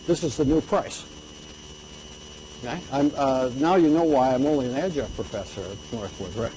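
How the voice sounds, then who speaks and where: A man's voice: medium pitch, moderate pace, mellow, a little hiss or hum, low-quality recording. An older man giving an economics lecture to an audience, conversational and checking in with "okay?" after his points.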